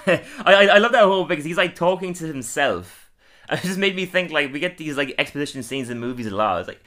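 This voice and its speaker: A man's voice: fairly high pitch, lively intonation, fast talker, fairly bright tone. Chatty young man recapping an episode. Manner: chatty, laughs often, acts out quoted lines. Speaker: podcast co-host. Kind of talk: casual review chat.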